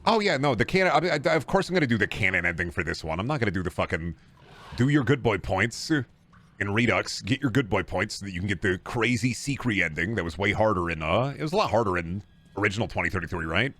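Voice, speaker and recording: A man rambles through a game stream with swinging pitch. His speech rises and dips all over. He swears constantly and keeps up jokey chatter in casual gameplay commentary. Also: expressive, quick pace, fairly bright tone.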